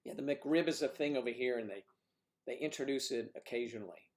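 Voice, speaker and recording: A man hosts a casual livestream and reacts to his viewers' comments as they come in. His delivery is loose and rambling, full of teasing asides and throwaway jokes. His voice sits at an ordinary middle pitch for a man. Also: brisk. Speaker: livestream host.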